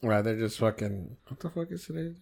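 A man hosting a podcast in casual chat, swearing a lot and animated, slipping into mocking impressions. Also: fairly low pitch, brisk, vocal fry. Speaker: podcast host.

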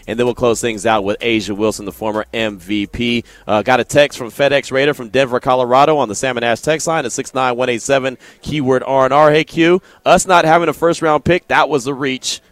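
A man hosting sports talk radio in a relaxed, conversational way. His voice is mid-pitched and sounds dry and close, with no room echo. He reads listener texts aloud and talks them over.

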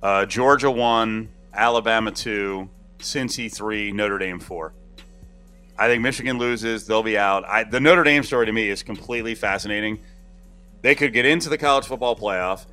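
A man hosting a casual sports talk show, talking in a rambling, animated way. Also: fairly low pitch, normal speed, soft background music.

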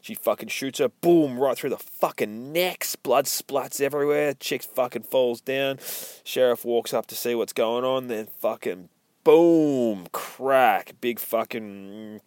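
A man's voice: medium pitch, fairly even intonation, a little slow, no room sound. A man, casually recapping a comic book in a rambling, profane, joking way.

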